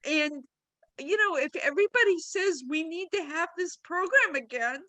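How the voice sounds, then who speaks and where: A woman who directs a career program, giving halting, choked-up closing thanks on a video call, rambling with restarts. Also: extremely high pitch, expressive, sharp tone, rough recording.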